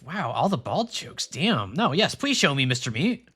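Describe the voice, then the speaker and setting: Joking guy streaming a game, bright voice, super bouncy pitch, kinda high. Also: very animated, normal speed, husky. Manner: playful, joking, giggly. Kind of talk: casual live gameplay commentary.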